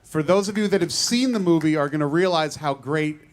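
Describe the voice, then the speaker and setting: A man's voice: a little high, a little fast. An American man hosting an onstage interview, asking rambling, joking questions. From United States. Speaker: interviewer host.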